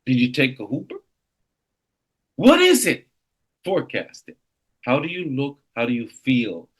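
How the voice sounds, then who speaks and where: A man in his fifties leads a motivational coaching session for real estate agents. His mid-pitched voice rises and falls widely. He speaks with an animated, exclamatory energy. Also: measured pace, slightly rough. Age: 50s. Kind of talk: coaching seminar.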